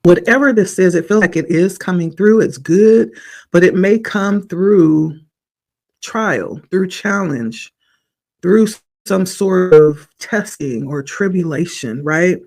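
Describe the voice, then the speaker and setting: A man with a somewhat high voice gives a spiritual tarot reading, his throat a little rough with morning hoarseness. He speaks very slowly, pausing often, with a reflective and encouraging manner. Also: a little mellow. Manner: slow, reflective, encouraging delivery. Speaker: tarot reader.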